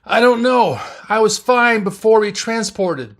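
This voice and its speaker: A man's voice: sits high, animated, unhurried, pitched above the performer's own voice. A man doing a wounded, breathless navigator. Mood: pained. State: breathless, weak. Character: wounded young male navigator in pain.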